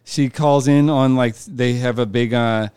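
A man's voice: medium pitch, fairly even intonation, a little slow, darkish tone, smooth, dry recording, clean studio sound. A man co-hosting a podcast in casual comedic chat, rambling, laughing often and using many fillers. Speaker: podcast co-host.

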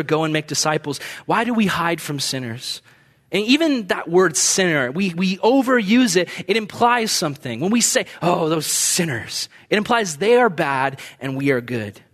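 A man's voice: fairly high pitch, fairly bright tone. A young adult man preaching a sermon as a pastor, telling stories in a conversational way and acting out the voices of people he quotes.

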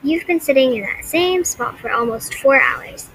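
A woman's voice: sits high, animated, moderate pace, gravelly, noisy background. A woman reading the part of a stern female schoolteacher who speaks firmly and gives orders. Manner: firm and commanding.

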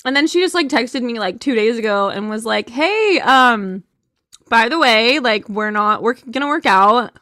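A woman's voice: fairly high pitch, expressive, moderate pace, a bit bright, no echo, clean studio sound. A young woman co-hosting a casual podcast, chatty and giggly, acting out what people said. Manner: chatty, giggly, acts out quotes. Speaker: podcast co-host; wedding photographer. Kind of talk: casual chat.

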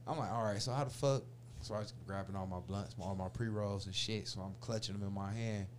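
A man's voice: fairly low pitch, a little fast, slight background noise. A man in his forties telling a long story in casual chat, full of slang and swearing, acting out the voices of the people in it. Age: 40s. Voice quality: profane slangy street talk, animated retellings.

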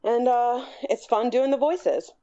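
A woman's voice: fairly high pitch, unhurried, mellow, dull audio. A woman co-hosting a podcast in casual, teasing chat. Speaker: podcast co-host.

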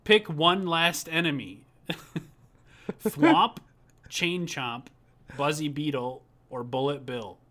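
A young man from Minnesota co-hosts a loose, casual chat. He jokes, laughs easily and swears offhandedly, with a voice sitting a little high for a man. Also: slow pace, pushed and bright. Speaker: podcast co-host.

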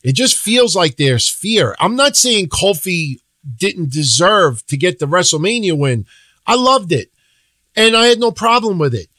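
A man's voice: high voice, big pitch swings, measured pace, pushed and bright, no echo. A man co-hosting a podcast, giving blunt, opinionated wrestling takes in casual chat, swearing freely and acting out quotes. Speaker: podcast co-host.

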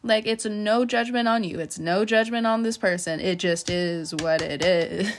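Young woman doing a chill tarot reading podcast, laughs a lot, lots of "like", mid-pitched voice. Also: a little slow. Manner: laughs often, loose filler-heavy talk. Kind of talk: casual chatty tarot reading.

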